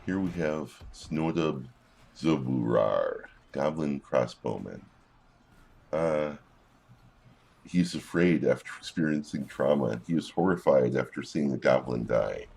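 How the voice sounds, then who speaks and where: A man's voice: a bass voice, animated, takes it slowly, gravelly, darkish tone, breathy edge. A man giving casual gameplay commentary, reading in-game combat logs aloud with wry asides.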